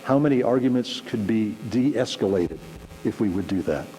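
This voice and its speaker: A man preaching a conversational sermon as pastor, animated and acting out little scenes. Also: on the low side, normal speed, faint music behind. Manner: conversational, animated, acts out shouting examples. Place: church sanctuary. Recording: hall reverb with faint mains hum.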